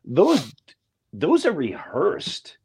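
A man's voice: on the high side, huge pitch swings, drawn-out words, darkish tone, breathy edge. A man co-hosting a casual talk show, speaking animatedly and mimicking other people's voices. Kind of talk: casual conspiracy chat.

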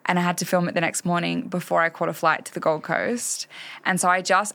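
A woman's voice: lowish voice, vocal fry. A woman co-hosting a podcast, chatting casually and acting out her own quotes as she tells stories. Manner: animated storytelling, acts out quotes. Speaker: podcast co-host. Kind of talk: casual chat.

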